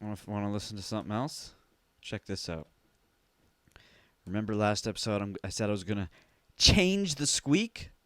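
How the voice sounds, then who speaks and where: A man's voice: on the low side, moderate pace, dry recording. A man hosting a casual solo podcast from his home basement, joking around and swearing freely on a headphone-monitored mic. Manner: profane, joking, animated. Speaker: podcast host. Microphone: headphones and studio mic.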